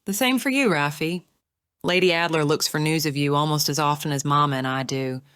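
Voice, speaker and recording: A poised young lady with a smug, teasing tongue, voiced by a woman narrator. Her lines come wry and composed in a smooth, low tone. The recording is close and dry. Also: fairly quick, a bit bright, no room sound. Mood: friendly. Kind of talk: audiobook character reading.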